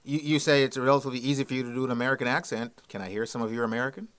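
A man's voice: mid-range voice, fairly even intonation, rapid-fire, a bit bright. A Canadian man hosting a radio interview program, speaking in a polished, announcer-like way. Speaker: radio host.

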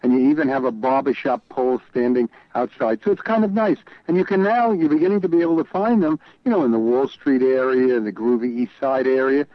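A man's voice: mid-range voice, a little fast, hardly any pauses, no room sound. Wry New York man on a dull line. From New York City. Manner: wry, opinionated storyteller. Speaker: regular radio guest commentator. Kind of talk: radio talk show chat.

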